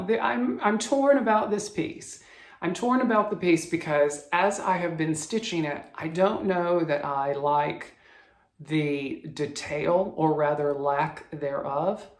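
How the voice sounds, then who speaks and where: A man with a Southern US accent, chatting casually about his cross-stitch projects, stopping and restarting his sentences often. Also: on the high side. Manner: halting, with frequent restarts and self-corrections. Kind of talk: casual show-and-tell chat. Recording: roomy echo.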